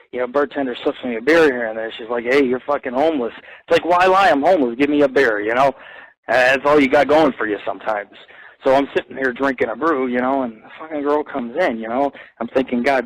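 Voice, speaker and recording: A man hosts his own internet radio show, telling boastful, profane stories in a rambling live monologue. His voice climbs higher and louder whenever he gets excited, and the audio is poor.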